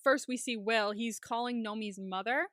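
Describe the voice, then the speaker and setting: Bright, high-voiced woman recapping a show. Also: moderate pace, no room sound, clean studio sound. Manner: animated, laughs often. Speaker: podcast co-host. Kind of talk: casual TV recap chat.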